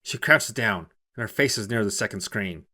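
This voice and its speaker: A man narrating a short story in a steady, even storytelling manner. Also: on the low side, normal speed, a little hiss or hum. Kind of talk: scripted narration.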